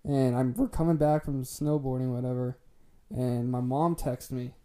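A man's voice: mid-range voice, steady tone, normal speed, mellow. A young man casually telling a long story to friends, laid-back and swearing freely with plenty of "like" fillers. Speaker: podcast co-host telling a story.

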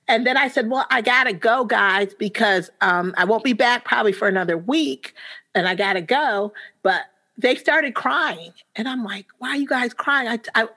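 A woman's voice: fairly high pitch, expressive, normal speed, sharp tone. A middle-aged woman, a teacher, telling earnest personal stories as a podcast guest, her voice jumping up when she quotes the children. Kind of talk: personal storytelling in a podcast interview.

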